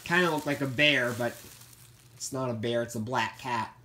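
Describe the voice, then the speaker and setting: A man's voice: medium pitch, moderate pace, pushed and bright, slight background noise. A man casually rambling through a show-and-tell of his plush toy collection, chatty and meandering, often repeating himself.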